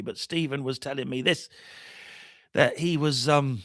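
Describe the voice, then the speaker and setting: A jet-lagged man hosting a casual livestream chat, telling stories in an animated way, trailing off and restarting often. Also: mid-range voice, measured pace, dry recording, clean studio sound. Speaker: livestream host.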